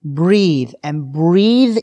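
Emphatic male podcast host, higher voice. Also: animated, drawn-out words, mellow, no echo. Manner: emphatic, restarts, lots of "like" and "right?". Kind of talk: conversational podcast interview.

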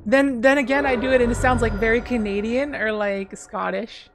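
A woman casually commenting on her own card game as she plays, thinking aloud with sudden bursts of excitement. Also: fairly high pitch, normal speed, few pauses. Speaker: gameplay streamer.

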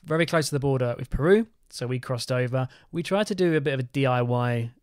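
A man co-hosting a travel podcast, chatting in a relaxed, jokey way. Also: mid-range voice, fast talker, clean tone, dry recording, clean studio sound. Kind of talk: casual chat.

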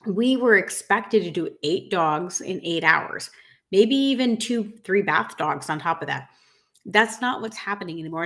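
Frank woman coaching groomers. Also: mid-range voice. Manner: frank, emphatic, addresses viewers as guys. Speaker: dog grooming business coach. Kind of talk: casual rant to camera.

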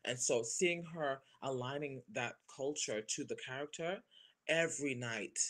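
A man in his thirties, a stage performer, gushing in a casual interview and laughing often. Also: medium pitch. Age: 30s. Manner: animated, gushing, quick to laugh.

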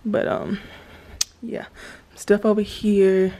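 A woman's voice: medium pitch, moderate pace, a little mellow, slight background noise. A woman in her twenties chatting casually to viewers in a vlog, filming in her new house on a handheld phone. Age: 20s. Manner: chatty, addresses viewers as y'all. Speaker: vlogger.

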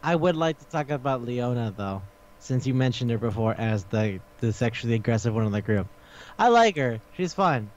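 A man's voice: mid-range voice, big pitch swings, normal speed, dull audio, slight background noise. A man co-hosting a casual podcast chat, rambling and laughing, with lots of swearing. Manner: laughing, profane, rambling retelling. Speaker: podcast co-host.

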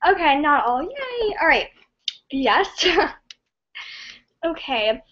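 A woman hosting a casual live stream, reading viewer comments in an excitable, scattered and giggly way. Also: high voice, slow pace, highs cut off.

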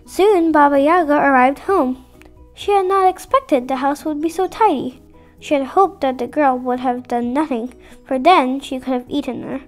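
A woman narrating a children's bedtime story, clear and expressive. Her voice sits high. Soft music plays behind her. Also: normal speed.

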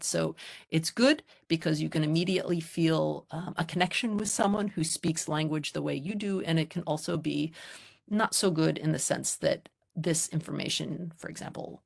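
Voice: mid-range voice, vocal fry. A middle-aged university researcher from the United States, giving a public academic lecture in an earnest, candid, conversational way.

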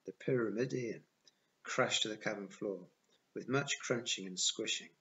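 A man reads a novel aloud in an even, plain first-person narration. His voice is on the low side. The recording sounds dull and lo-fi. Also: moderate pace. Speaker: audiobook reader.

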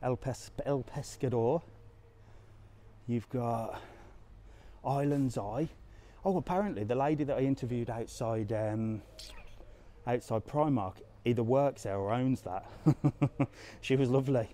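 On a live walking tour of a resort town, a travel vlogger wanders outdoors through streets and squares, chatting and handling comments as he goes. His mid-range voice is warm and his pace measured.

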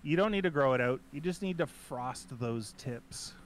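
A man's voice: medium pitch, animated, moderate pace, slight background noise. A man co-hosting a casual chat show, joking and stumbling over repeated words while he works. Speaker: co-host.

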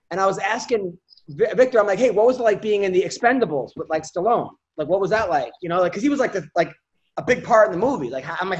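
Podcast host, man with a high voice, animated storyteller, dull lo-fi sound. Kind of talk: casual storytelling chat.

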